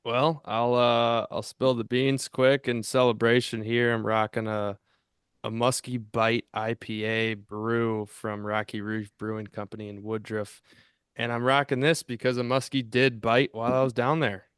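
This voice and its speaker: A man's voice: medium pitch, little pitch movement, a little slow, fairly bright tone, clean tone, no echo, clean studio sound. A man co-hosting a casual fishing podcast, telling a long, rambling story with many restarts. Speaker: podcast co-host.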